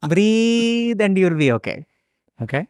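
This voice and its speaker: A man's voice: sits high, very animated, slow, darkish tone, smooth, no echo, clean studio sound, pitched above the performer's own voice, exaggerated voice. A man putting on a playful Indian guru voice. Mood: playful coaxing. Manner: exaggerated, coaxing, broken English.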